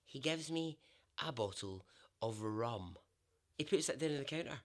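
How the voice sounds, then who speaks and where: A Scottish man spinning a yarn for his podcast in a relaxed, chatty way. His voice sits at an ordinary pitch, and he laughs easily and slips in the odd swear word. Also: unhurried. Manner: animated, laughs often, swears. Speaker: podcast host and storyteller. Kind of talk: casual spoken storytelling.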